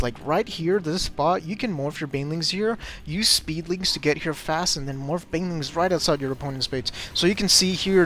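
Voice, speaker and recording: Excitable man commentating a game replay. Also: on the high side, slight background noise. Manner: excitable, gets flustered and speeds up in fights. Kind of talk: commentating his own replay.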